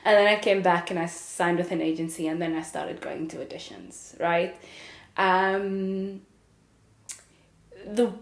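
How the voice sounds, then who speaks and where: A woman's voice: fairly low pitch, measured pace, creaky, pauses often, echoey room, slight background noise. A young adult woman with a South African English accent, speaking candidly and reflectively in a casual monologue as a podcast host. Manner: candid, reflective, with frequent laughs and fillers.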